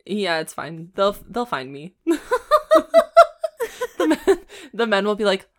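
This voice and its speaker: Giggly, lively young woman co-host. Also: mid-range voice, slow pace. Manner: giggly, crude, animated storytelling. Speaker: podcast co-host. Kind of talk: casual chat.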